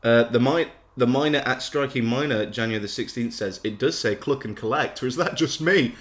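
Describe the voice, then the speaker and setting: A man's voice: mid-range voice, brisk, background noise. A man hosting a casual podcast, reading out social media replies and laughing often. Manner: jokey, reads replies aloud with frequent laughs. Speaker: podcast host running a game.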